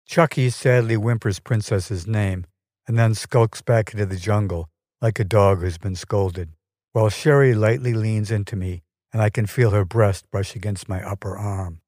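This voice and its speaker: A man narrating a scripted personal story for his podcast, measured and dryly wry. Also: fairly low pitch, a little mellow, dry recording, clean studio sound.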